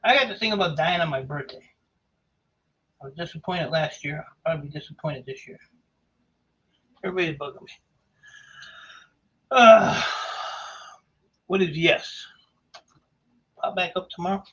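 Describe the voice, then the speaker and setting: A man streaming himself taking apart e-waste, chatting in a rambling, offhand, self-mocking way, hoarse from talking for hours. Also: a little high, animated, normal speed, pauses often, a bit bright, lo-fi sound. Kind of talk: casual livestream chat.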